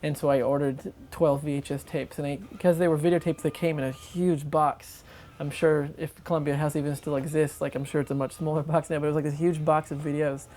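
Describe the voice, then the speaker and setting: An interviewee telling a long anecdote for a documentary in an excitable, rambling way, full of fillers. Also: mid-range voice, fairly quick.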